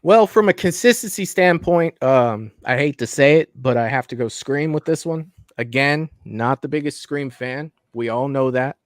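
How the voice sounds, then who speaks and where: A man co-hosting a casual livestream chat about horror films, relaxed and hedging his opinions with fillers. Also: medium pitch, normal speed, hardly any pauses, no room sound, studio quality. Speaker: livestream co-host.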